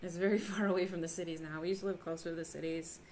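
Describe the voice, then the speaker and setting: A woman's voice: on the low side, fairly even intonation, rapid-fire, a little mellow, a little hiss or hum. A woman from Minnesota chatting casually on a crafting livestream, reading chat aloud and laughing often. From Minnesota, USA. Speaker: livestream host.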